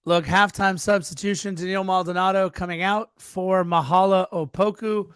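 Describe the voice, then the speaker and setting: A man's voice: high voice, moderate pace, clear, resonant tone, no room sound, studio quality. A man co-hosting a podcast, eagerly retelling match moments in casual soccer chat. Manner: eager, excitable play-by-play retelling. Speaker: podcast co-host.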